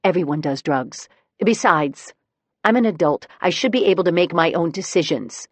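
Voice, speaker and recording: A woman's voice: lowish voice, expressive, moderate pace, breathy edge, no echo. A woman playing a defiant young adult daughter. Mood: indignant. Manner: sulky, indignant retorts.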